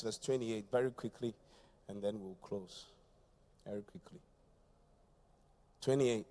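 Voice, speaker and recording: Lively high-voiced man preaching. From Ghana. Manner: swings between shouting and low quiet delivery, repeats phrases. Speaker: pastor. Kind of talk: sermon.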